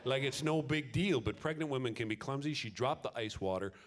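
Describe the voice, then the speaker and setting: A man doing a stand-up comedy set on stage, animated and leaping into loud, high acted voices. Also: a little fast. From Minnesota. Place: stage before a live audience.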